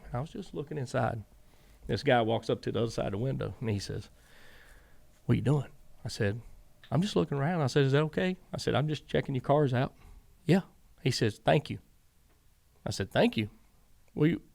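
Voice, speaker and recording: A man's voice: medium pitch, creaky. A man, a former crew chief and podcast guest, telling long stories in a casual interview and acting out what each person said. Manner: animated storyteller, acts out quoted dialogue.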